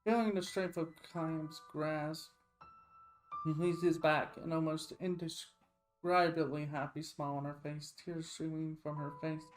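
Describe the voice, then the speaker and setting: A man streaming a game, reading its story text aloud in a slow, deliberate way. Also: fairly high pitch, level tone, soft background music.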